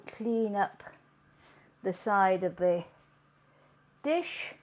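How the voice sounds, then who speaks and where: A woman hosting a home cooking demonstration, chatting in an unhurried way as she works in her kitchen. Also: medium pitch, lively intonation, darkish tone. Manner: chatty, unhurried, talks while working. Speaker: cooking show host.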